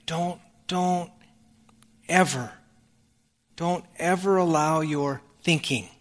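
With a fairly high, slightly bright voice, a male pastor preaches an earnest sermon, often restarting phrases as he works through a passage of scripture. Long hall reverb trails his words.

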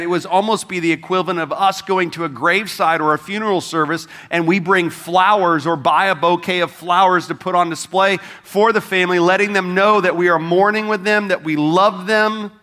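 A man's voice: sits high, pushed and bright. A pastor preaching an Easter sermon to his congregation in a conversational, emphatic way, speaking straight to them. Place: church service.

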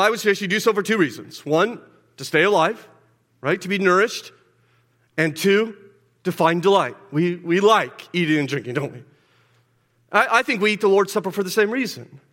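Guy preaching a sermon, pretty high voice, keeps stuttering and repeating words, long church echo. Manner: repeats words, swings from loud urgency to hushed. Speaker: pastor. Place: church sanctuary. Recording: long hall reverb.

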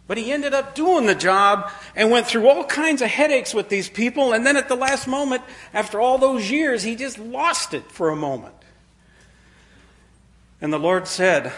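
A man delivers a sermon with a slightly high voice. He tells the story in a homely, conversational way. When quoting, his voice sinks lower and quieter. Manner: folksy storytelling, dropping to a low quiet voice for quoted lines. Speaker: preacher.

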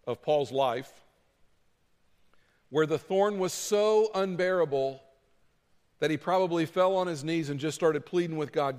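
A man preaching a sermon as pastor, dramatic, moving between loud pleading and quiet asides. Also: on the high side, expressive, moderate pace, long reverb tail.

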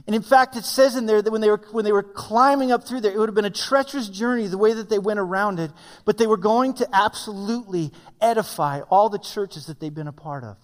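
High-voiced preaching man in a reverberant hall. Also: brisk, few pauses. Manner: conversational preaching, animated storytelling. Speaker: pastor. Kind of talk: sermon. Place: church sanctuary.

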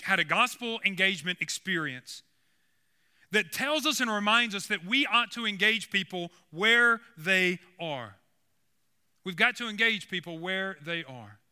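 A man's voice: high voice, bright, forceful tone, smooth. A man preaching a sermon as pastor, earnest and building to emphatic points.

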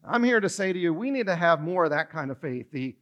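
Male pastor, slightly high voice, animated sermon delivery with stammered restarts. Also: fairly quick, muffled recording. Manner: animated, acts out dialogue, some stammering restarts. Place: church stage.

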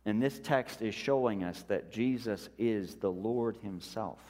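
A male pastor preaching a sermon in a slow, deliberate way, letting his voice drop softly on key words. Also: fairly low pitch, big-room sound.

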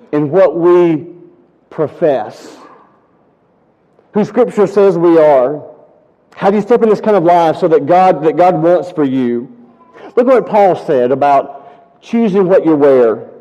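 A pastor preaching a sermon, telling stories and building to emphatic peaks. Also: male voice, a little high, dark tone. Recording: muffled audio with long hall reverb.

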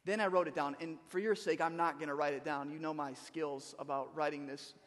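High-voiced pastor preaching in a big hall. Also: male voice, fairly quick. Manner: conversational, animated, repeats words when starting a thought. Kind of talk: sermon.

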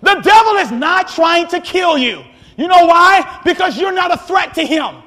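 A man preaching a sermon, energetic and often shouting, with frequent repeats and restarts. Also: very high-pitched, moderate pace. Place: church sanctuary. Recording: long hall reverb, faint congregation.

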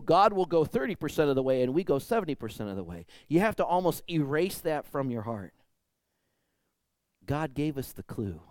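A man's voice: medium pitch, darkish tone, no room sound. A man preaching a sermon in a conversational way, acting out voices when he tells a story. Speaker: pastor.

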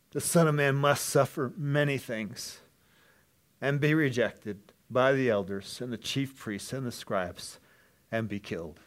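A man preaching an earnest sermon, dropping to hushed lines and then rising to loud, emphatic ones. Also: fairly low pitch. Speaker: pastor.

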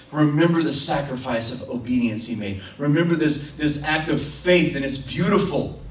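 A man preaching a sermon as pastor, passionate and acting out prayers and imagined quotes, recorded in a church. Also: a little high. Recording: roomy, from a distance.

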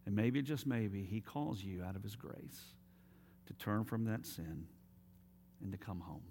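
Low-voiced man preaching a sermon. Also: measured pace, creaky, a little hiss or hum. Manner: storytelling, dropping to quiet emphatic appeals. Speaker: pastor.

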